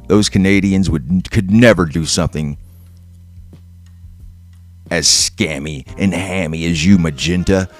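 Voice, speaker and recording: Deep-voiced guy ranting hot and sarcastic, lots of swearing, faint guitar music behind. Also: slow pace, long pauses. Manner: profane, sarcastic, heated. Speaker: podcast host. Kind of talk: ranting monologue.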